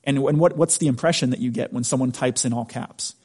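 A man's voice: medium pitch, brisk, a little mellow, husky. A man preaching a sermon in a conversational, emphatic way, asking the congregation rhetorical questions. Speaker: pastor.

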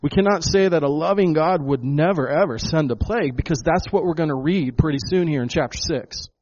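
Man, pastor, sermon, emphatic, repeats words, fairly high voice, dull lo-fi recording. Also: brisk, a little mellow. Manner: emphatic, repeats words, addresses the congregation as folks. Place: church hall with a congregation.

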